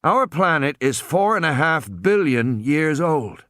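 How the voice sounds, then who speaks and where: A man's voice: fairly high pitch, sing-song, measured pace, fairly bright tone, no room sound, studio quality, voice pushed up. A man voicing a weary, scornful mathematician who lectures with contempt.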